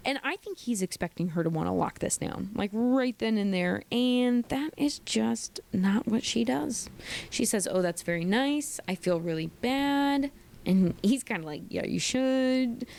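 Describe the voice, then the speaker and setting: A young woman hosting a casual reality TV recap, sassy and opinionated, with animated asides. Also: mid-range voice, creaky. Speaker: recap host.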